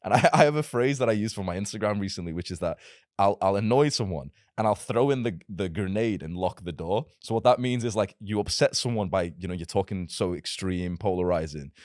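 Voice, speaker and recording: Young male creator, low voice, rapid, blunt and provocative, dry close sound. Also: a little mellow, no echo. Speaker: self-improvement content creator. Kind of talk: casual podcast conversation.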